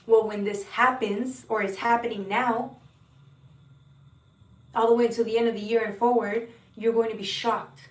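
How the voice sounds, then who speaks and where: A woman's voice: on the high side, fairly even intonation, normal speed, long pauses, echoey room, far from the mic. A woman giving a heartfelt, earnest spiritual tarot reading to her viewers, often repeating words and sometimes swearing. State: emotional at times. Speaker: tarot reader.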